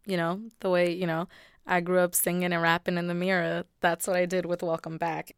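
Smooth-voiced woman reading her poems. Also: on the low side, no room sound, studio quality. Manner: casual, conversational asides between rhythmic recited poems. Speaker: poet. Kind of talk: poetry reading with spoken commentary.

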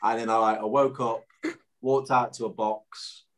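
A former footballer appearing as a guest tells an animated story from his playing days at an everyday middle pitch and a measured pace. He speaks casually, doubles back on himself, and packs the anecdote with "um"s and quoted lines he acts out for other people.

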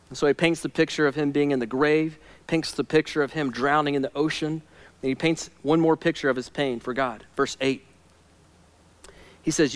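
A man preaching a sermon as a pastor, earnest and conversational, asking his listeners direct questions. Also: on the high side.

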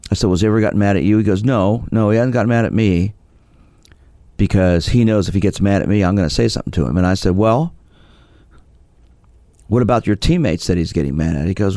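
A man's voice: on the low side, a little mellow, no room sound, clean studio sound. A middle-aged man hosting a sports psychology radio show, telling client stories in a loose, conversational way with many restarts. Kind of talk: radio talk show monologue.

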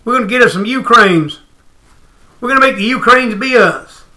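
A man's voice: extremely high pitch, lively intonation, normal speed, bright, forceful tone, exaggerated voice, rough recording. A man acting out cocky invading soldiers bragging in a swaggering voice. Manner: swaggering boast.

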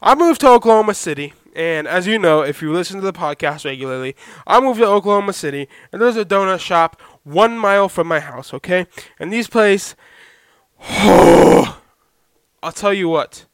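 A young man hosting a solo podcast, talking loudly to listeners on a badly set microphone and checking in with "okay?" and "all right?" again and again. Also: high-pitched, lively intonation, fairly quick, clear, resonant tone, no echo, clean studio sound. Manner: loud, talks to listeners with repeated "okay?". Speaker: podcast host. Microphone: poorly set podcast microphone.

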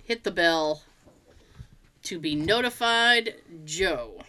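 Bright, chatty woman host. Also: lowish voice, expressive, takes it slowly. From United States. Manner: chatty storyteller, laughs often, loose rambling restarts. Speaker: podcast host. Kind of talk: casual chat.

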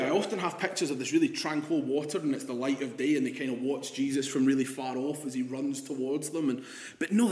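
A man preaching a sermon, dropping to hushed, slow quotes and rising into emphatic passages. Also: a little high. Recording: echoey room.

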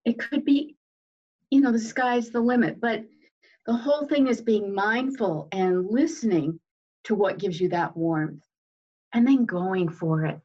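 Slow, earnest woman on dull audio. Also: medium pitch, a little mellow. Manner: earnest, unhurried, many fillers and restarts. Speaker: guest. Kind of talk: heartfelt inspirational talk. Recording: dull lo-fi sound.

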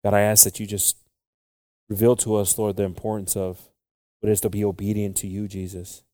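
Here the pastor's voice is lowish and warm but flatly delivered, moving fairly quickly as he alternates English and Spanish. His pleading prayer repeats "Lord" and "Jesus," and the clean studio recording has no room sound.

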